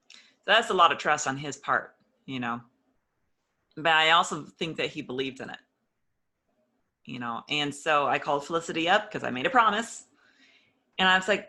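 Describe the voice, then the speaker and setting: A woman's voice: low-pitched, animated, normal speed, long pauses, pushed and bright. A woman telling her personal story in an interview, earnest and openly emotional, acting out old conversations as she goes. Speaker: interview guest.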